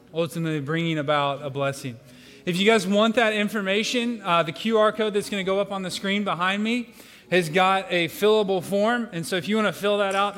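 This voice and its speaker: In a big church sanctuary, a male pastor walks the congregation through a lighthearted exercise where they join in, cracking jokes and coaching them along the way. His voice is high with a fairly bright tone, echoing with long hall reverb.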